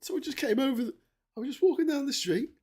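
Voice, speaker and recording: A man hosting a long solo livestream, reading out viewer messages in an excitable, chatty way, laughing often and restarting his sentences, and tired from the long stream. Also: very high voice, quick pace. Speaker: livestream host.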